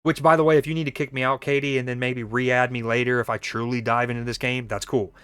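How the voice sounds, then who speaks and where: A man's voice: medium pitch, flat delivery, fast, fairly bright tone, smooth, dry recording. A young man streaming a mobile game, chatting casually and joking with his viewers as he plays. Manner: playful, jokey, reads chat aloud. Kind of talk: casual gaming stream chat.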